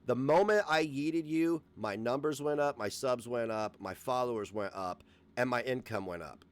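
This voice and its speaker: A man's voice: medium pitch, moderate pace, clear, resonant tone. A man ranting on a livestream, profane, combative and sarcastic. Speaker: livestream host.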